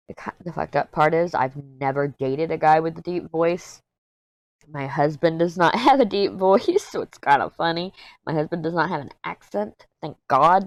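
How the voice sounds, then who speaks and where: A woman in her thirties talks casually to her viewers while she works on a craft project, rambling from topic to topic and joking candidly. Her voice sits low but bounces around a lot in pitch. The sound is close and dry, with no room around it. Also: dry recording. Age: 30s. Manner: rambling, easily sidetracked, candid and jokey. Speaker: crafting vlogger. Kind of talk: casual chat while diamond painting.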